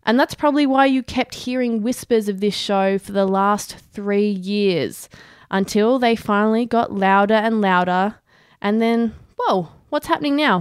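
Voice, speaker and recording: Smooth-voiced dry woman podcaster. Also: medium pitch, dry recording. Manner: dry, sardonic, swears freely. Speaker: podcast co-host. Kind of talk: prepared review read aloud.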